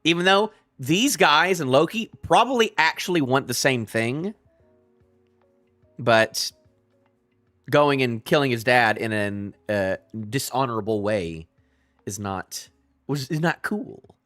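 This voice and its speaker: A man talks through a manga chapter on a live reaction stream, his pitch jumping all over as he gets excited. He rambles, trips over his own sentences and starts them again. Faint music plays underneath. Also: slow, no echo.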